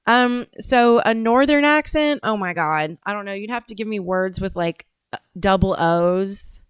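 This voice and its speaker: A woman's voice: medium pitch, measured pace, clear, resonant tone, no room sound. A woman hosting a casual livestream show, rambling off on tangents and swearing casually. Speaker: show host.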